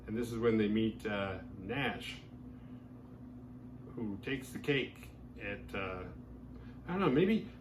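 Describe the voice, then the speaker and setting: Male podcast host, mid-pitched, casual and slangy, jumps into characters' lines, faint background hiss. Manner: chatty, slangy, acts out characters' lines in quotes. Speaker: podcast host reviewing horror films. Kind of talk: casual film recap.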